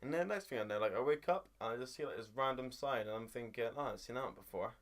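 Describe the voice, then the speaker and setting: A young Englishman rattles through a vlog story at a rapid clip. He rambles, leans on filler words and jumps into high squeals to act out what people said, in a voice of middling pitch. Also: animated, a bit bright. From England. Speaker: vlogger. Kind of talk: casual storytelling.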